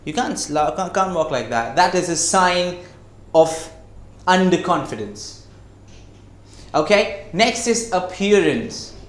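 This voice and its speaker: Emphatic male trainer in an echoey room. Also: sits high. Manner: emphatic, slows to stress words, asks rhetorical questions. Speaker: communication skills trainer. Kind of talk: classroom-style lecture.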